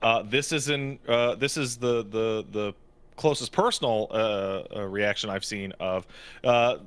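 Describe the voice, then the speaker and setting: A man co-hosting a podcast in casual chat, swearing freely and jumping up in pitch to make a point. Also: unhurried, clear, resonant tone. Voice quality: animated, swears a lot, jumps into high pitch for emphasis. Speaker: podcast co-host.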